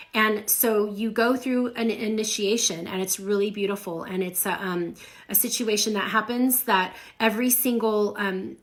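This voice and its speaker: Chatty middle-aged woman on a livestream. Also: mid-range voice. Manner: chatty, animated storytelling. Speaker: livestream host. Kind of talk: casual live chat.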